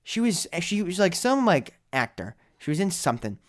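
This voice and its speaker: Young dude on a podcast, kinda high voice, rambling jokey stories, swings loud then soft. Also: male voice, moderate pace. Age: young adult. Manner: animated storytelling, jokey, trails into mumbles. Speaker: podcast co-host. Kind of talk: casual chat.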